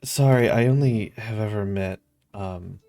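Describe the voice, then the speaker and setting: A man with a lowish voice plays his character in a tabletop game, talking slowly and haltingly. He stops and restarts often as he puts his questions. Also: vocal fry, warm tone, faint music behind. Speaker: player.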